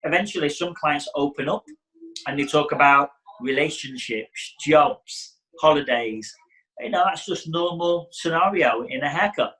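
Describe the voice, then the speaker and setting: A man's voice: fairly high pitch, unhurried, pushed and bright, poor audio. A middle-aged man, a hairdressing educator giving a casual teaching talk and acting out client exchanges. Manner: chatty, acts out client dialogue.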